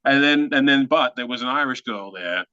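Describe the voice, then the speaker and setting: Animated man telling stories. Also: medium pitch, moderate pace, smooth, no echo, highs cut off. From Australia. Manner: animated, acts out quotes in funny voices. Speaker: guest actor. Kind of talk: casual storytelling.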